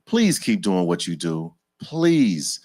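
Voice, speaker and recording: A man from Los Angeles co-hosting a podcast and radio show, talking in an animated, emphatic way as he hypes his guest. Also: deep voice, takes it slowly. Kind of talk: casual interview chat. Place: home studio on a video stream.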